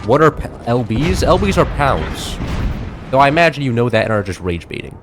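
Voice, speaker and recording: A young man from the United States chats with viewers while he streams a game, wandering from thought to thought with plenty of fillers and restarts. His voice sits at an ordinary middle pitch. Faint gunfire and artillery from the game sound underneath. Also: very animated, a little fast, noisy background. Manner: rambling, filler-heavy, self-interrupting, chatty with viewers. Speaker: gaming streamer. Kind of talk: casual live-stream chat while playing.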